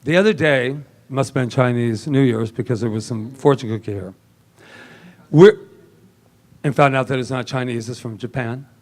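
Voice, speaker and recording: A man preaching a lively sermon in a church service, joking and laughing often with the congregation. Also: mid-range voice, normal speed, long pauses. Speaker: minister.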